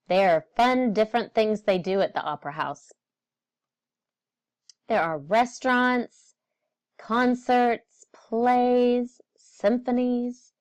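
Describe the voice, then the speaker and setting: A woman teacher leading young children on a virtual field trip lesson, asking the class questions and confirming their answers. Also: mid-range voice. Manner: lively, bright teacher voice.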